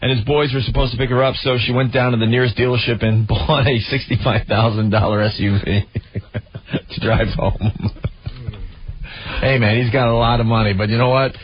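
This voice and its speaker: A man hosting a radio talk show, joking and laughing loudly, often slipping into mocking impressions. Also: mid-range voice, fairly even intonation, normal speed. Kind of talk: casual radio banter. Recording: dull broadcast audio with faint music.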